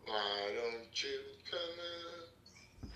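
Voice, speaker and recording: A man's voice: medium pitch, extremely slow, echoey room, slight background noise, rough recording. A man hosting a live trading room, talking energetically and calling out to his viewers. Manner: energetic, salesy, calls out to viewers.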